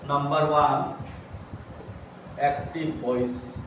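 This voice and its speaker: A man explaining grammar at a slow, deliberate pace, repeating each point and checking in with "okay". His voice sits a little high for a man. It is heard from a distance in a very echoey room with clear background noise. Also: little pitch movement. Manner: slow, repeats phrases, says "okay" often. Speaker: English teacher. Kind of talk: slow grammar lesson at a whiteboard. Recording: very echoey room, mic far off, noisy.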